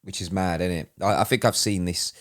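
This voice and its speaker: A man's voice: low-pitched, steady tone, a little fast. A man co-hosting a podcast, talking animatedly and swearing a lot. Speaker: podcast co-host. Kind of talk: casual chat.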